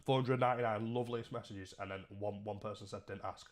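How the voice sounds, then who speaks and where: A man's voice: fairly low pitch, fairly even intonation, fast. A man chatting casually and jokingly with his live-stream chat, swearing freely.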